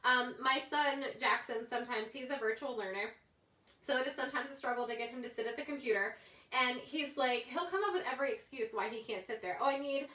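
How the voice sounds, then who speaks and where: A woman's voice: fairly high pitch, a little fast, bright, forceful tone. A woman in her thirties leading a casual Bible study, talking in a chatty way with fillers and asides. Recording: echoey room.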